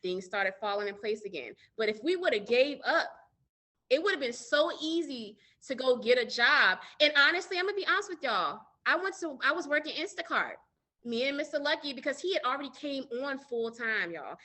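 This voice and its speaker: A woman's voice: high-pitched, lively intonation, brisk, bright, forceful tone. A middle-aged woman business owner, a guest telling her story earnestly in an interview and talking straight to listeners. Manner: earnest, addresses listeners directly as y'all.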